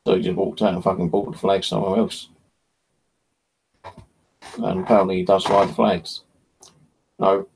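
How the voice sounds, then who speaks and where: A channel host rambles in casual, blunt talk and swears freely. His voice sits low with a gravelly crackle and a husky edge. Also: level tone, moderate pace, pauses often, darkish tone.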